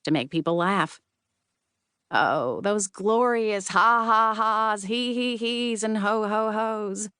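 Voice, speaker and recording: Woman narrating a comic audiobook, crisp. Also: medium pitch, takes it slowly, dry recording. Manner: wry, lively, comic delivery. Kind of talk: scripted first-person audiobook narration.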